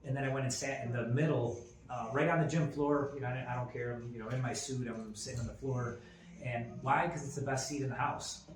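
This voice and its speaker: Brisk and steady at a medium pitch, this forties-aged podcast co-host spins a story in casual conversation, full of fillers and restarts. The room gives the recording a roomy echo and faint ambient noise.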